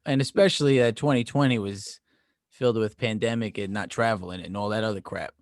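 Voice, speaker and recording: A man co-hosting a casual podcast, talking in a measured, easygoing way. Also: lowish voice, dry recording, clean studio sound. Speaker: podcast co-host.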